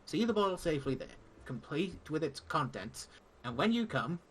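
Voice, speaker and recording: A man voicing a gruff old male tavern keeper and former lancer, reading game dialogue aloud with pirate-esque speech. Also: on the high side, sing-song, normal speed, slight background noise, low-quality recording. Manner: pirate-esque speech with dropped g's and "aye".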